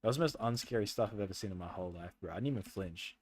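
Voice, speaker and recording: A man's voice: lowish voice, lively intonation, racing. A young man streaming a horror game, chatting with friends, swearing a lot and laughing nervously.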